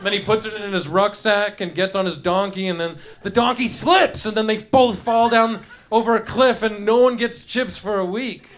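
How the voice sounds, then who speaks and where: A high-pitched man on a comedy club stage, talking into a handheld mic. He rambles loosely through his bits and riffs with the audience, slipping into quick character voices. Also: fairly bright tone, a little hiss or hum. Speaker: stand-up comedian. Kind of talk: live stand-up with crowd work. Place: comedy club stage before a laughing crowd.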